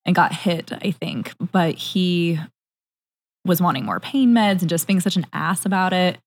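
A woman who works as a hospital nurse, recounting a difficult patient in an easygoing way. Her voice sits a little low and she talks it through conversationally. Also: unhurried. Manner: conversational, laughs along. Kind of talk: casual chat.

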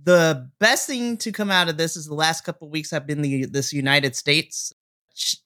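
Bright-voiced easygoing podcast man. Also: a little high. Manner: easygoing, laughs often, measured. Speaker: podcast co-host. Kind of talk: casual chat.

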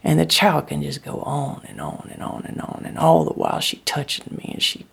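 A woman telling a first-person dramatic monologue in dialect. She often drops into breathy whispers. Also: low voice, big pitch swings, moderate pace. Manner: drawling dialect storytelling, slipping into breathy whispers. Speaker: storyteller.

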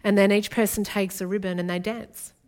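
A woman's voice: mid-range voice, flat delivery, a little fast, darkish tone. A woman, from Australia, preaching an earnest and intimate sermon as a guest speaker.

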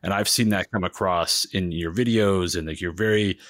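A man's voice: low voice, a bit bright, dry recording. A man co-hosting a podcast, speaking in an earnest, encouraging way in casual chat. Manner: earnest, encouraging, quick-talking. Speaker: podcast co-host.

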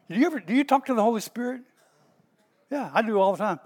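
A middle-aged man with a Southern US accent, a pastor preaching in a folksy, storytelling way that bursts out loud at times. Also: extremely high pitch, fast, in a large hall. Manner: folksy and animated, stretches words, bursts out loud. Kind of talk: storytelling sermon.

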